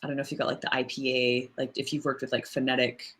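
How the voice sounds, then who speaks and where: A woman voice actor answering interview questions in a relaxed, thoughtful way, with many fillers and frequent laughs. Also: extremely low pitch, quick pace. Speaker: voice actress guest. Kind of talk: casual interview chat.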